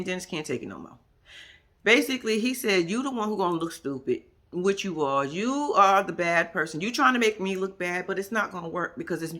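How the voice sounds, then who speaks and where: Blunt, sassy woman with lively pitch. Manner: blunt, profane, sassy, laughs often, mimics people. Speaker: reality show recap host. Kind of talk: casual commentary and recap.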